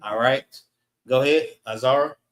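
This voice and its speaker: A man teaching an informal scripture class in a relaxed way, often saying "all right" between points. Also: mid-range voice, moderate pace. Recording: roomy echo.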